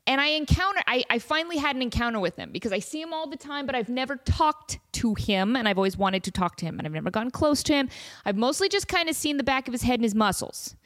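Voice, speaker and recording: A woman's voice: high voice, animated, fast talker, a bit bright. A young woman hosting her podcast who rambles on in a casual, playful way. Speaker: podcast host.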